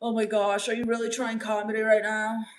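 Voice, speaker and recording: On a comedy live stream, a woman plays a sullen, scornful goth teen vampire, reading chat aloud and answering with deadpan, sarcastic put-downs. Her natural voice is a little high and brisk.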